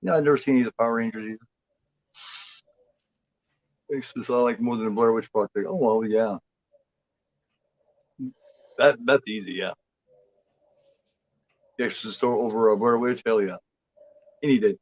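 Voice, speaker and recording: A man's voice: on the low side, a little fast, pauses often, highs cut off. A man co-hosting a horror movie chat show, rambling and swearing freely in casual talk. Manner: rambling, swears freely, voices the cat in a playful drawl.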